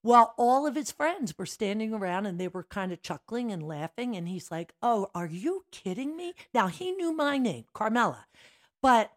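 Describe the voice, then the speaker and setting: A woman's voice: fairly high pitch, moderate pace. An older woman, a dance studio owner, telling stories in a casual chat and acting out the scenes. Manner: animated, acts out scenes with big gestures. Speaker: guest, mother of the hosts.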